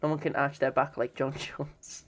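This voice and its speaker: A man's voice: medium pitch, flat delivery, normal speed, slight background noise. A man streaming casually, swearing and bantering with his chat.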